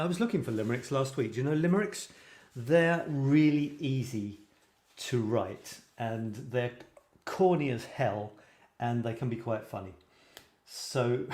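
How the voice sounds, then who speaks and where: Male host, middle pitch, casual and rambling, reads poems playfully, roomy echo. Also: a little mellow. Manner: chatty, lots of fillers and restarts; reads light verse playfully. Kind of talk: casual chat and reading poems aloud.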